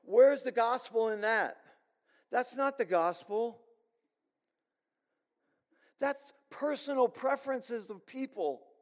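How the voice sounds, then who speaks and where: High-voiced pastor preaching in a reverberant hall. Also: male voice, expressive. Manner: earnest, emphatic preaching with pauses. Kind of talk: sermon. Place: church sanctuary.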